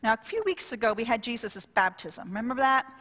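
A woman pastor preaching a sermon in a lively, conversational way, drawing call-and-response from the congregation. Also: a little high, a little fast, long reverb tail.

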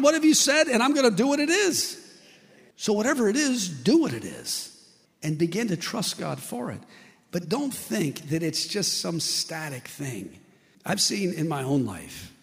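A middle-aged man preaches in a church with a gravelly, slightly high voice. He tells lively stories and acts out the voices of the people in them. His words ring out with a long hall reverb. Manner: animated storyteller, acts out quoted voices. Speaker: pastor. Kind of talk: sermon.

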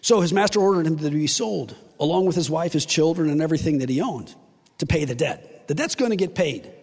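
A man pastor preaching a sermon to his church, retelling a parable with lively storytelling and playful asides. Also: on the high side, fairly quick, breathy edge. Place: church sanctuary. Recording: long reverb in a hall.

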